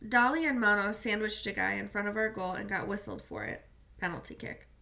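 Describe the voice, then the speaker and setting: A woman's voice: medium pitch, fairly quick, gravelly, bright, forceful tone. A woman reading a novel aloud, telling the story steadily in the first person. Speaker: reader.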